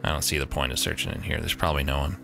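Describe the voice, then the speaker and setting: A man's voice: a bass voice, fairly even intonation, racing, creaky. A man streaming a game live, giving casual, joking commentary and laughing often. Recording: game music playing behind the voice.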